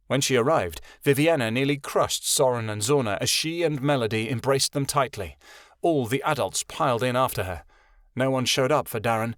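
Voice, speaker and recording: A man narrating a fantasy audiobook in an even storytelling manner. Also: mid-range voice, no echo, studio quality.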